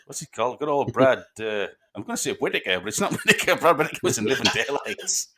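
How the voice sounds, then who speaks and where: A man's voice: mid-range voice, very animated, quick pace, fairly bright tone. A man co-hosting a podcast, chatty and full of film trivia, laughing often. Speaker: podcast co-host. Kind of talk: casual film review chat.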